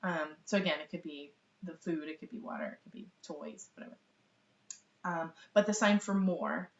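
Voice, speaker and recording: In a relaxed live lesson on baby sign language, a middle-aged woman chats along, laughing a lot and filling gaps with ums. She has a lowish voice and a moderate pace, picked up by a webcam that gives roomy, distant, dull sound.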